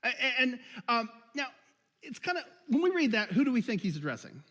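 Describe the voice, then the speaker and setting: A man's voice: extremely high pitch, sing-song, fairly quick, sharp tone, in a large hall. A man preaching a casual sermon, joking and laughing often, with many restarts. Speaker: pastor. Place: church hall.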